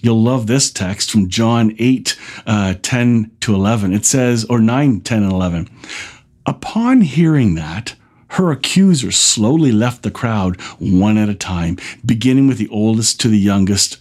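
Husky guy preaching, voice jumps all over, reads verses real slow then gets excited. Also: on the low side. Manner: reads scripture slowly, then talks warmly and excitedly. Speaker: pastor. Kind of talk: sermon.

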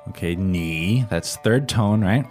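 A man's voice: sits low, slow pace, a little mellow, soft background music. A man co-hosting a podcast language lesson, prompting with questions and recapping each point in plain English. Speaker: co-host.

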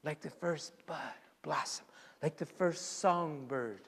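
High-voiced man preaching in a reverberant hall. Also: moderate pace, gravelly, breathy edge. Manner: storytelling, dramatic shifts to a hushed voice for emphasis. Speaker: pastor. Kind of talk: sermon. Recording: long reverb in a large hall.

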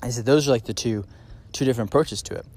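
A man's voice: mid-range voice, fast talker, darkish tone. Male podcast host, solo monologue; casual, filler-heavy, eager emphasis on key points. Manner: casual, rambling, many fillers and restarts.

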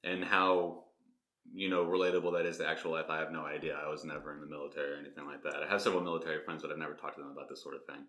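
A man co-hosting a book discussion podcast, talking in a relaxed, chatty way and laughing often. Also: very deep voice, rapid-fire, echoey room. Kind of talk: casual chat.

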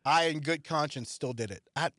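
A man co-hosting a podcast, talking sports in a casual, animated way and mocking himself as he acts out what people said. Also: on the high side, normal speed, dry recording, clean studio sound. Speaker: podcast co-host.

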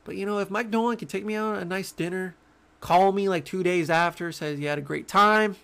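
A man's voice: sits high, brisk, gravelly, smooth. A young man hosting his own sports podcast, talking casually and jokingly with lots of stammered restarts. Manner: animated, rambling, joking, frequent stammered restarts. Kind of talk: casual solo sports talk.

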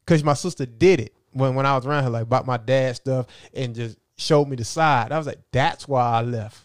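A man in casual conversation, telling animated, slangy stories and acting out his relatives' voices. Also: medium pitch, brisk, no echo, clean studio sound.

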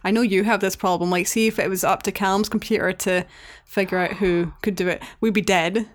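A woman with a mid-range voice co-hosts a podcast in relaxed chat. She is blunt and teasing, swears freely and laughs easily. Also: mid-range voice, a little fast. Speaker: podcast co-host. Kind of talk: casual chat recapping a cartoon episode.

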